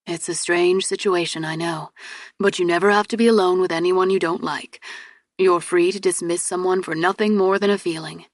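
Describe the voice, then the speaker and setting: A woman narrating gives voice to a kind, protective man from a storybook, steady and quietly firm. He reassures in low, measured words, close and dry. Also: no room sound, natural voice. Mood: reassuring.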